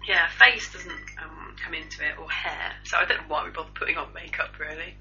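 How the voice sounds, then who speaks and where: A woman's voice: sits low, fairly even intonation, brisk, bright, forceful tone, a little hiss or hum. A woman co-hosting a casual homemade news chat, reading out gossip items with dry jokes. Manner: dry, joking news rundown. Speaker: podcast co-host. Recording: lo-fi home recording.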